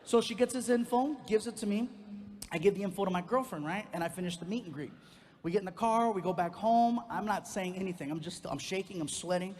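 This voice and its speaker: A man doing stand-up comedy, telling a long personal story in an animated way and leaping into loud high voices for his characters. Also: brisk. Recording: reverberant venue with faint background noise.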